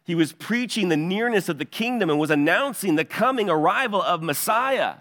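A man's voice: sits high, expressive, a little fast, a bit bright. Man preaching in a reverberant hall. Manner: earnest teaching cadence, directs listeners to verses. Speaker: pastor. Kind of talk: expository sermon.

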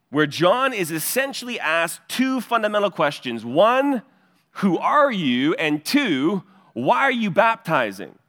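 A man's voice: fairly high pitch, fairly bright tone, in a large hall. A male pastor preaching an expository sermon in an earnest teaching cadence, pointing listeners to verses.

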